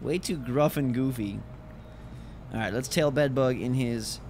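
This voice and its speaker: A man's voice: mid-range voice, a little slow, a little mellow, slight background noise. A man casually commenting on a video game as he plays, thinking aloud about each move. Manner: chatty, thinking aloud while playing. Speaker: gameplay commentator.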